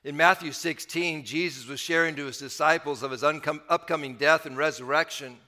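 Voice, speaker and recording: A male pastor with a high, bright voice delivers a conversational sermon, climbing up on key points and sinking low to close each thought. The sound trails off in a long hall reverb. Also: fairly even intonation, fairly quick. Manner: conversational preaching, rising with emphasis then dropping low.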